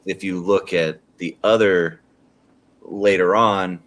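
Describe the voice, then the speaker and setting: Man, very low voice, podcast co-host, rambling casual chat. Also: fairly even intonation, slow pace, fairly bright tone. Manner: rambling with fillers and restarts. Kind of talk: casual movie review chat.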